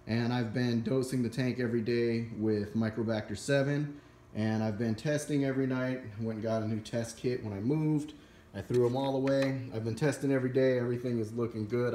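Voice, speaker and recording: A man's voice: mid-range voice, roomy sound, a little hiss or hum. A man casually talking through his aquarium setup and garage in an unedited home vlog, full of fillers. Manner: relaxed, rambling, filler-heavy. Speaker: aquarium hobbyist vlogger. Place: home, walking from living room to garage.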